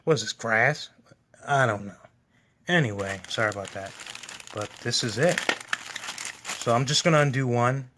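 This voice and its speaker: A man's voice: medium pitch, moderate pace, long pauses, background noise. A man hosting a gaming channel, giving casual, enthusiastic unboxing commentary at home. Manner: enthusiastic, gushing.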